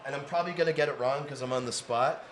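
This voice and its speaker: A man's voice: medium pitch, fast talker, slight background noise. A man from Canada hosting a podcast, talking in an enthusiastic, emphatic way in a studio inside a sports bar. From Toronto, Canada. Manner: enthusiastic, emphatic, repeats for stress. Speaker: podcast host. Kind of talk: casual interview chat.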